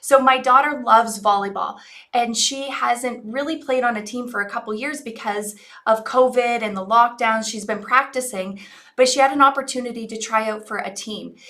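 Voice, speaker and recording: A woman's voice: fairly high pitch, normal speed, pushed and bright. A woman in her forties, an online business coach, earnestly telling a personal story to her audience in a reflective, coaching way.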